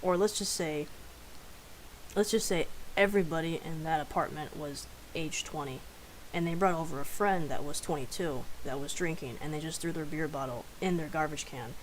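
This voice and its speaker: A woman's voice: sits low, normal speed, a little hiss or hum, low-quality recording. A young woman telling stories casually on a live stream, chatty and profane, laughing often.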